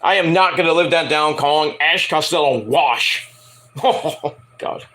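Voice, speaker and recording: A man's voice: a little high, measured pace, bright, forceful tone. A man hosting a review show, telling a rambling, self-deprecating story and swearing freely as he acts out quotes. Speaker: wrestling review show host. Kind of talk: casual rambling monologue.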